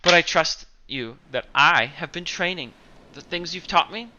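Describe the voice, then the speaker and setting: A man voicing a sentimental, grieving young nobleman who talks softly and earnestly to his partner. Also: fairly high pitch, moderate pace, dull audio, voice pushed up. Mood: eager. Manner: soft, earnest, emotional.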